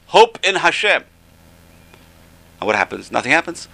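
Gravelly male teacher with a very bright tone, enthusiastic informal religious class. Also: mid-range voice, lively intonation, fast talker, rough recording. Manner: enthusiastic, repeats "amazing". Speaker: Torah teacher.

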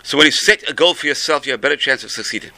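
Gravelly, bright-voiced man teaching a class. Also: fairly high pitch, very fast. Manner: animated storytelling with acted-out voices. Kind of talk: Torah class talk.

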